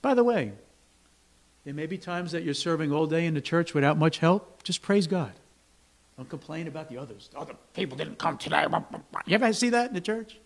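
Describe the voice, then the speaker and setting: This sermon, given in a church sanctuary, comes from a pastor whose fairly high voice is expressive and fairly quick. Chatty in tone, he checks in with "right?" again and again and voices complaining workers loudly.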